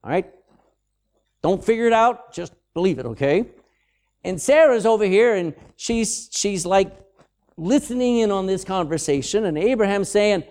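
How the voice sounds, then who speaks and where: A man preaching a sermon, reading scripture aloud and commenting on it with sudden loud and soft swings. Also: sits high, lively intonation, moderate pace.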